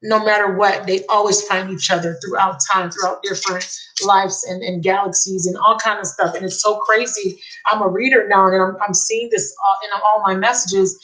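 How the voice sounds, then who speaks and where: A woman giving a live tarot reading, excitable and emotional, repeating key phrases. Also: mid-range voice, normal speed, low-quality recording. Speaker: tarot reader.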